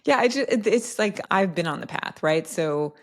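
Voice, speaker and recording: A woman's voice: fairly low pitch, expressive, normal speed. A woman guest on a podcast interview, telling personal stories in a reflective, casual way, often adding "like" and "right?". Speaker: podcast guest, health coach.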